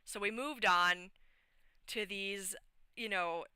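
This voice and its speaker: A woman streamer casually retelling a tabletop game session, animated and rambling with many fillers. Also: mid-range voice, slow pace, clean tone, no room sound. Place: home streaming setup.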